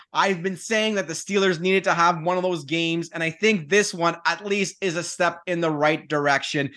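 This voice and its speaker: A man co-hosting a sports talk show, giving a steady, conversational game breakdown. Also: fairly high pitch. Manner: steady, conversational breakdown with fillers like "you know". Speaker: podcast co-host. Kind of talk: casual sports analysis.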